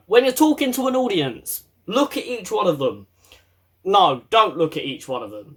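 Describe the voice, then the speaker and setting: A young man giving casual advice straight to camera, blunt and jokey, swearing freely. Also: a little high.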